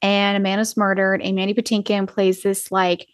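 A woman's voice: mid-range voice, level tone, normal speed, no room sound. Casual female podcast co-host, frank and chatty, mid-range voice, dry close sound. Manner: blunt, swears freely, lots of "like". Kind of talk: casual chat.

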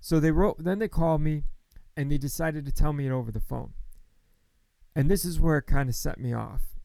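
A man in his thirties talks straight to the camera in a frank, worked-up monologue, swearing freely. His voice is gravelly and mellow, pitched a little above the usual for a man. The sound is dry and close. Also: normal speed, no room sound, low-quality recording. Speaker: vlogger. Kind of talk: candid personal monologue.

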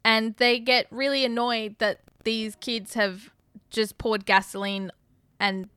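A woman recapping a film in a lively, giggly casual chat, acting out the characters' lines. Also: a little high, slow pace, clear, resonant tone, no room sound. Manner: animated, giggly, acts out quotes. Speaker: podcast co-host.

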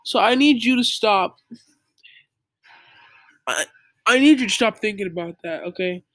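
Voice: mid-range voice, lively intonation, a little slow, fairly bright tone, no room sound. A young speaker in a casual, earnest monologue, lecturing the listener with many "like" fillers. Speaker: young believer giving religious advice. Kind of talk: casual preachy monologue to camera.

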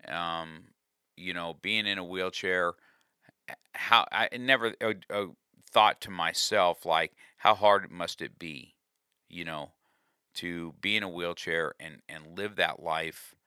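A man's voice: low voice, slow pace, pushed and bright, smooth, no echo, studio quality. A man telling a personal story with a life lesson, earnest and confessional, often restarting his sentences.

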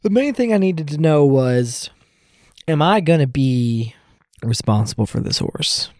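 A man's voice: fairly high pitch, lively intonation, measured pace, darkish tone, no room sound. A young man chatting casually with his wife on a podcast, dry and reluctantly joking. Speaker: podcast co-host, husband. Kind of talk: casual chat.

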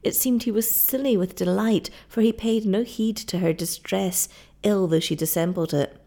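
A woman narrating an audiobook in a dramatic, expressive storytelling manner. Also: medium pitch, normal speed.

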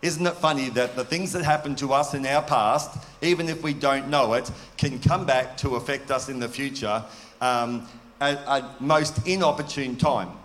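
A man's voice: medium pitch, normal speed, a bit bright. A man preaching a sermon in an earnest, conversational way, asking his listeners questions. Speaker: pastor. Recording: long hall reverb.

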